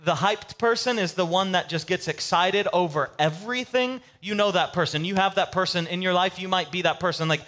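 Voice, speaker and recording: A male pastor preaching a sermon in a casual, animated storytelling way with comic asides. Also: high voice, a little fast, few pauses.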